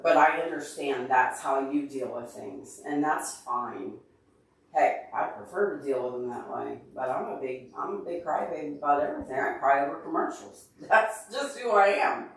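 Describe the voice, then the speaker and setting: A man's voice: mid-range voice, moderate pace, gravelly. Emotional man talking from far off. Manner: emotional, earnest, openly tearful; talks to viewers by name. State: upset and teary. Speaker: livestream host answering chat. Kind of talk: casual livestream chat. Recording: very echoey room, far from mic.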